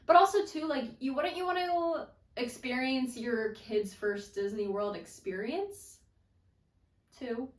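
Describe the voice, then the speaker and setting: A woman's voice: sits high, slow, distant mic. Chatty woman, roomy sound from afar. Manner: chatty, rambling, frank, talks straight to viewers. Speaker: host. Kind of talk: casual commentary on online stories.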